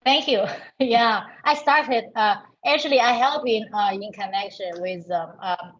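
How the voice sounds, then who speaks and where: Halting woman on a muffled call. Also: fairly high pitch, fairly bright tone. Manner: halting, many fillers, laughs often. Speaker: parent educator at a nonprofit. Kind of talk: video call introduction. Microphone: video call.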